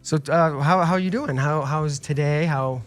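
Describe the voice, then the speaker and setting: An easygoing podcast host leads a casual interview chat. The voice sits at an ordinary middle pitch. Questions come out halting, with words often repeated. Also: soft background music.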